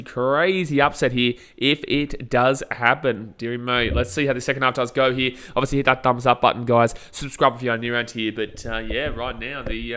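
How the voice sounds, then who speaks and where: An Australian man streams a match and calls the action live, blunt and crude in his reactions. His voice is bright and forceful, and he sounds like a young adult. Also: mid-range voice. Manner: excitable, blunt and crude, reacts loudly to plays. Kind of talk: live match watch-along commentary.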